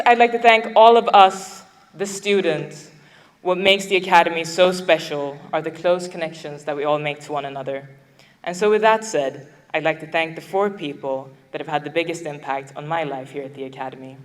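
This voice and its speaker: A woman's voice: low voice, long reverb tail. A young woman, a graduating student, delivering a prepared graduation speech, heartfelt and a little emotional, with light laughs between her thanks. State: getting emotional.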